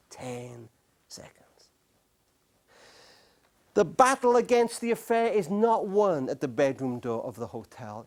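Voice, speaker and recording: This is a man giving a talk to a live studio audience, and his voice rises and falls in a very lively way. He tells stories dramatically, slows down to repeat key phrases, and sinks almost to a whisper to make a point. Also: high voice. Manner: dramatic storyteller, drops to near-whispers for emphasis. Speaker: speaker on marriage.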